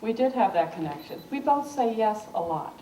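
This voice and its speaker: A woman's voice: medium pitch, moderate pace, a little hiss or hum. An older American woman speaking to a room of students, telling a story and acting out the lines of the people in it. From United States. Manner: lively storyteller acting out quoted dialogue. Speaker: guest speaker. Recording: echoey room from a distance.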